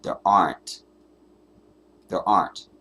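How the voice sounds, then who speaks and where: A man's voice: takes it slowly, bright, forceful tone. A man hosting a live stream, delivering an emphatic, profane, preachy commentary rant. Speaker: livestream host.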